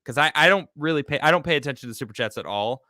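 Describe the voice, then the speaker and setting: A man's voice: fairly high pitch, lively intonation, very fast, sharp tone, no echo, studio quality. A man hosting a casual live-stream talk show, joking loosely and reading viewer comments aloud. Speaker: host.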